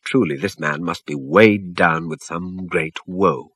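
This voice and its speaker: A man narrating a religious story in a solemn, expressive storytelling manner. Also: low-pitched, a little slow, slightly rough, dry recording.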